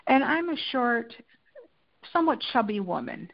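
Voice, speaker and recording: A woman being interviewed as a guest, telling personal stories in a candid, animated way and acting out the quotes. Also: fairly high pitch, moderate pace, creaky, muffled recording. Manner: animated, tells anecdotes with acted-out quotes. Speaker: interview guest, lifestyle and food editor. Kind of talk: candid conversational storytelling.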